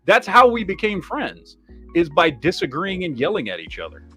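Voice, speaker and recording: Soft music sits behind a man whose voice is high and a bit breathy, delivered at a moderate pace. He's a podcast host from Michigan who chats casually and rambles, swearing constantly and reacting with animation to viewer comments.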